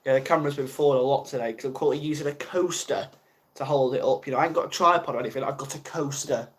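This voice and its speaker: A man's voice: medium pitch, fast talker. A young man from the UK chatting casually on a live stream, flustered and rambling, mocking himself as he goes. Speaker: ASMR livestreamer.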